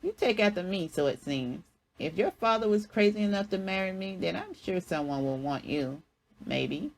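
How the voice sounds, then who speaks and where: A woman's voice: mid-range voice, moderate pace, creaky, a little hiss or hum, natural voice. A woman voicing an older mother who lists her daughter's faults bluntly but fondly. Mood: fond teasing.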